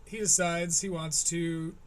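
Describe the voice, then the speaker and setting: Sarcastic high-voiced male stream host. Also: little pitch movement, a little slow. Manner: sarcastic, profane, mocking. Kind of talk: live-stream commentary on a clip.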